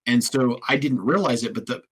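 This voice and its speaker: A man's voice: mid-range voice, fairly quick. A man hosting a podcast, telling stories in a casual conversational way and acting out quoted voices as he goes. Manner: animated storyteller, acts out quoted voices. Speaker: podcast host. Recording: husky, occasionally crackly audio.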